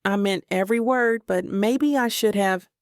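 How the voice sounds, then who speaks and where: A woman's voice: smooth, no echo, clean studio sound, lightly acted. Woman doing a stern grumpy male professor. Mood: earnest. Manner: low, measured, earnest.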